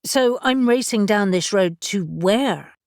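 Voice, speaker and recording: A young witch who stays steady under pressure, voiced by a woman narrator. She asks short, practical questions in a slightly raised voice, read slowly and dry. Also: mid-range voice, dry recording, pitched above the performer's own voice. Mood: frustrated. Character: level-headed young witch, tense but steady.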